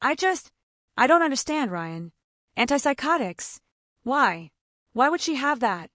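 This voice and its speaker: A woman's voice: high voice, big pitch swings, unhurried, fairly bright tone, no echo, clean studio sound, exaggerated voice. A woman reading the lines of an older father faking trembling, whimpering grief. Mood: feigned distress.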